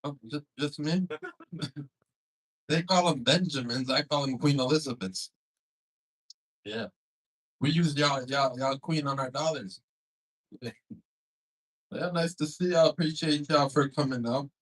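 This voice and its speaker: A man emceeing a comedy club night, bantering with the crowd in a loose, teasing, profane way. His voice sits a bit high for a man. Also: measured pace, long pauses, a bit bright, low-quality recording. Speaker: comedy show host.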